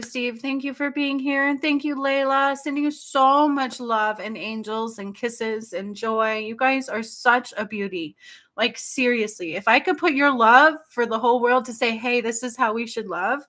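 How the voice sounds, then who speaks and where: A woman in her forties hosting a spiritual healing livestream, talking softly and tenderly, tearful and apologetic. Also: fairly high pitch, unhurried. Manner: soft, tender and tearful, with frequent apologies and laughs. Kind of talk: emotional livestream talk.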